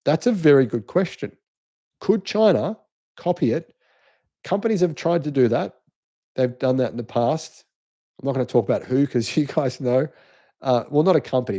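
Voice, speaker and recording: A middle-aged man with an Australian accent hosts a live-stream and talks through viewers' comments. His voice is dark and mellow. He presses his points insistently and keeps restarting his sentences. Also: medium pitch. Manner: emphatic, insistent, restarts often. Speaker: channel host.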